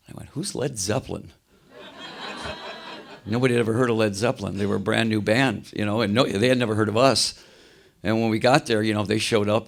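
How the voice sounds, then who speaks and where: Gravelly older man telling road stories. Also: fairly low pitch. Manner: animated anecdotes, acts out quoted voices. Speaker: interview guest, rock singer. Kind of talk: casual storytelling interview. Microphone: video call.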